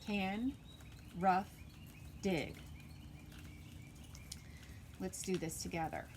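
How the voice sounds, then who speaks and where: Slow, patient woman teaching little kids. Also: mid-range voice, darkish tone. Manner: slow, deliberate, sounds out letters for little kids. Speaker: pre-K teacher. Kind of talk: recorded phonics lesson for young children. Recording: noisy home video recording.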